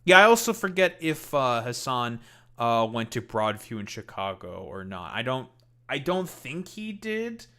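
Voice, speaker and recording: Mocking, bright-voiced streamer man. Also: medium pitch, sing-song, unhurried. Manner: mocking, heated, profane, with laughs. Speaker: streamer host. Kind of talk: live-stream reaction commentary.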